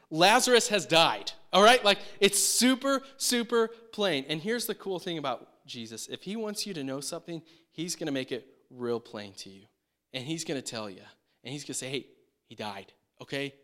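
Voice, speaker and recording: A man's voice: a little high, sharp tone. A young man teaching a Bible passage in a casual, conversational way, acting out the disciples' lines. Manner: conversational, acts out disciples' lines in quick voices.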